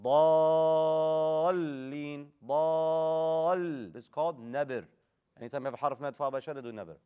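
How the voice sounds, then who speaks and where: A man's voice: mid-range voice, rapid-fire, highs cut off. A man teaching Quran recitation in a class, giving casual, direct corrections and modeling the Arabic sounds. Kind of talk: live tajweed class instruction.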